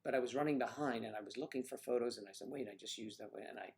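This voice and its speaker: An American man hosts a casual livestream in a mid-range voice, speaking rapid-fire. He rambles and jokes while reacting to viewer comments.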